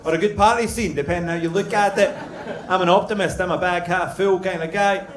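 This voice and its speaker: A man's voice: sits high, brisk, background noise. Scottish man doing crude stand-up. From Scotland. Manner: crude, deadpan storytelling with sudden loud punchlines. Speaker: stand-up comedian. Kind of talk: stand-up comedy set. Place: comedy club stage. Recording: roomy club sound with audience laughter. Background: audience laughter.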